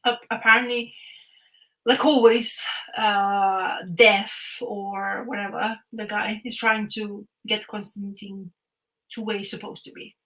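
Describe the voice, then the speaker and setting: A woman's voice: mid-range voice, slow pace, rough recording. A young woman on a podcast, chatting casually and retelling a comic's plot in a rambling way, full of fillers and restarts. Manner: rambling, animated storytelling with frequent fillers and restarts. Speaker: podcast co-host.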